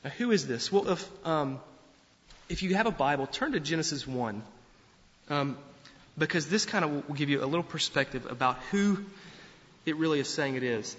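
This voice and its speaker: Male pastor, sermon delivery, lively and conversational, slightly raised pitch, long hall reverb, dull sound. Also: normal speed. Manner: animated, conversational preaching with repeated restarts.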